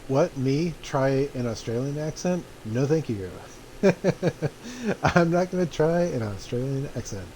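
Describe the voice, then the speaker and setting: A laid-back man chats loosely while he plays a flight game, his mid-pitched voice mellow and relaxed. His talk wanders and he chuckles now and then. A faint hum sits under the desk-mic sound. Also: slow, poor audio. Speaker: streamer playing a flight simulator. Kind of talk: casual gameplay commentary.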